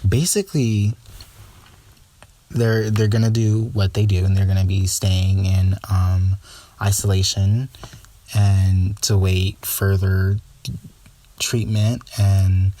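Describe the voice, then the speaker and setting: A man's voice: fairly low pitch, dark tone, dry recording. A young man hosting a casual solo podcast, talking in a sassy, gossipy way with lots of filler words. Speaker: podcast host.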